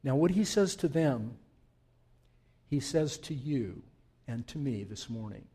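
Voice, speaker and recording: A man's voice: mid-range voice, expressive, unhurried, dark tone, slightly rough. A man preaching an unscripted sermon to his congregation, talking from the heart in a conversational way that builds to fervent emphasis. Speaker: pastor. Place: church sanctuary.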